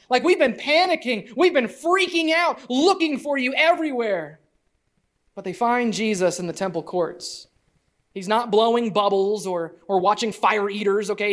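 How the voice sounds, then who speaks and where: A woman teaching a conversational Bible lesson as a parent, animated and lively, acting out the people she quotes. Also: medium pitch. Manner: parent speaking from family life.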